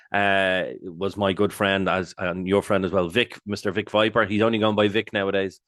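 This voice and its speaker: An Irish man with a lowish voice, spinning a rambling anecdote on a podcast. He is animated, curses freely and bursts into loud impressions of what people said. The sound is dry and close. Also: no echo. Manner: animated, swears freely, jumps into loud quoted exclamations. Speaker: podcast co-host. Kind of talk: casual storytelling chat.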